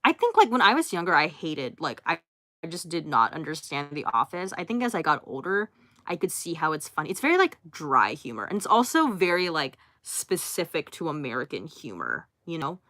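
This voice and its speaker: A woman's voice: sits low, very animated, brisk, sharp tone, no room sound. A young woman hosting a casual livestream from her phone, reading out viewer comments and answering each one briefly, with laughs and fillers. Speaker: livestream host.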